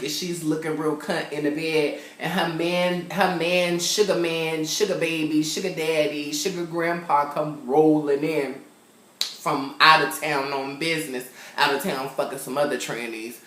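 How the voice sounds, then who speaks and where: At a measured pace and fairly high pitch, a young California man recaps a TV show. He's sassy and animated and slips into character voices, chatting casually like he's with friends, while a noticeable roomy echo surrounds him.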